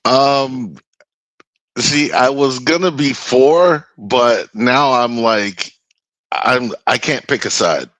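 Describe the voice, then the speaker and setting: A male caller on a live stream speaks slowly and hesitantly, tripping over his own starts. His mid-range voice comes through dry, with no room sound. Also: mid-range voice, fairly bright tone, no echo, poor audio. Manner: hesitant, halting. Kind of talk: call-in on a livestream.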